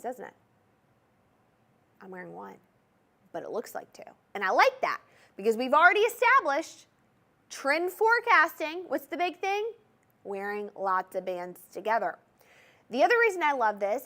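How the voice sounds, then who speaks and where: A woman's voice: a little high, fairly bright tone. A woman with a Southern US accent hosting a TV shopping show, gushing in chatty sales patter to viewers from a studio on a lapel mic. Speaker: shopping channel host. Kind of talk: live TV shopping presentation.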